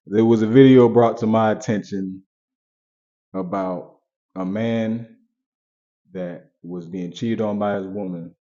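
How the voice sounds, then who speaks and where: A man's voice: lowish voice, fairly even intonation, slow pace, long pauses, mellow. Male vlogger, casual direct-to-viewer commentary, dull lo-fi recording. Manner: conversational, repeats points, talks straight to viewers.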